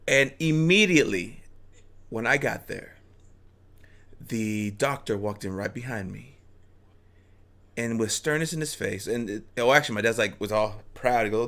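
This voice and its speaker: A man's voice: medium pitch, normal speed, fairly bright tone. A man casually telling a personal story, rambling with restarts and chuckles.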